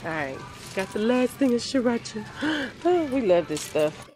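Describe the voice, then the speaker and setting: A woman's voice: a little high, big pitch swings, a little slow. A woman from Houston with a Texan Southern accent, chatting playfully to the camera in a casual family vlog. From Houston, Texas. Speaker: family vlogger.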